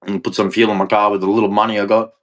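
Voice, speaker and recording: An Australian man delivering a bitter, profane, repetitive rant as a vlogger. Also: fairly low pitch. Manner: bitter, profane, repeats himself. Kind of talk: angry ranting monologue.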